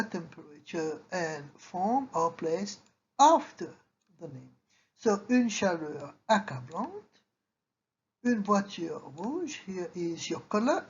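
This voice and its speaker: Gravelly-voiced woman teaching grammar. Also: mid-range voice. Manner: patient, explains each example in English and French, checks in with "okay?". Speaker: French teacher. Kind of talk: slide-based grammar lesson. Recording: slightly dull lo-fi recording with faint hiss.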